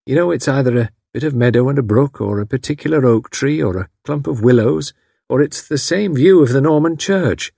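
A man's voice: mid-range voice, lively intonation, fairly quick, creaky, dark tone, slightly rough, no echo, studio quality, pitched above the performer's own voice. A man reading aloud, voicing a friendly, rambling housewife who lives in a lonely country house. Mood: chatty. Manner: rambling, homely talk. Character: friendly, chatty country housewife, a little odd.

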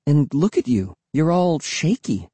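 A man voicing a frightened young girl who speaks in urgent, hushed whispers. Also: a little high, very animated, unhurried, breathy edge, no echo, heavily acted.

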